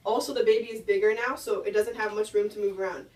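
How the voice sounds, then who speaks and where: A woman's voice: mid-range voice, fairly even intonation, fast talker, lightly acted. A teenage girl playing a friendly prenatal doctor in a school skit. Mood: explaining. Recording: roomy far-off camera audio.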